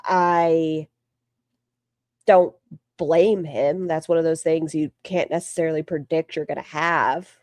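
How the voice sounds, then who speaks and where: Woman streamer, low-pitched and blunt, swears freely and rambles; dry close mic. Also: steady tone, a little slow, darkish tone, no room sound. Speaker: streamer commenting on online drama. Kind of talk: casual livestream commentary.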